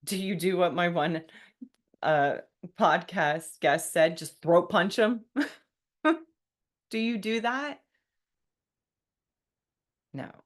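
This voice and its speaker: A woman hosts a solo podcast in a wry, conversational tone, acting out what people say to her. Her voice sits low, and she takes her time with an unhurried delivery. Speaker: podcast host.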